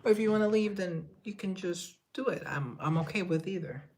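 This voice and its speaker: A man's voice: sits high, fairly quick, a little mellow, a little hiss or hum. A young man from Colombia chatting casually on a live stream, reading viewer comments and rambling in a self-deprecating way. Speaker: livestreamer and musician.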